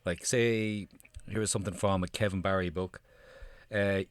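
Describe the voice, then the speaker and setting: A man's voice: deep voice, fairly even intonation, moderate pace, clean tone, dry recording. A man from Ireland, a channel presenter explaining things in a conversational voice-over.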